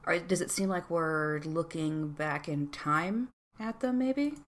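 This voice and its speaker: A woman's voice: deep voice, slow pace. A woman playing a tabletop game, asking questions and apologizing hesitantly. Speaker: player.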